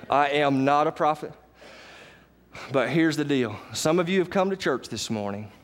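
A man preaching a sermon in a church, folksy and direct, calling out to the congregation and swinging between loud high passages and low murmurs. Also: big-room sound. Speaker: pastor. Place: church sanctuary.

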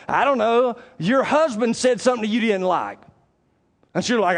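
Male pastor, high voice, casual preaching that swings loud to hushed. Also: lively intonation, normal speed. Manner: conversational, swings between loud preaching and quiet asides. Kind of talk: sermon.

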